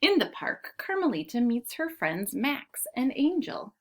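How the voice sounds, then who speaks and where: A young woman reads a picture book to children, her voice rising and falling with plenty of expression. She takes her time, drawing words out slowly so little listeners can clap along. It sounds like a casual home recording. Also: fairly high pitch, big pitch swings. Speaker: children's teacher reading aloud. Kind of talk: storybook read-aloud lesson for children.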